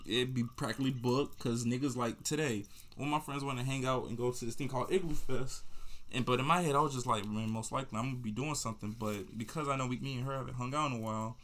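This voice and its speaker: Young man, podcast host, casual storytelling, slangy, rambling, mid-pitched voice. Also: a bit bright. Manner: rambling, slangy, restarts and asides.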